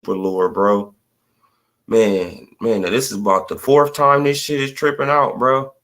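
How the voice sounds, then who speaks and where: In a lowish, fairly bright voice with a steady tone and measured pace, a livestream host offers casual boxing commentary. It's a rambling, slang-heavy talk with frequent profanity, filler words, and many a "bro" and "man."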